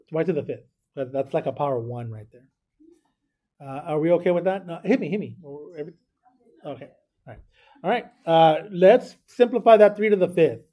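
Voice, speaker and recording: A man's voice: sits high, mellow. A man teaching a math class, talking through arithmetic step by step and checking in with students. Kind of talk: classroom lesson.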